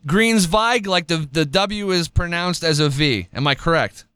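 A man's voice: a little high, moderate pace, sharp tone, smooth, no echo. A man hosting a radio show in casual chat, rambling and repeating words as he goes.

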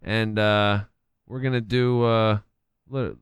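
A man's voice: lowish voice, steady tone, slow pace, smooth, dry recording, studio quality. A man hosting a casual radio show, joking around, rambling with lots of fillers and laughing often.

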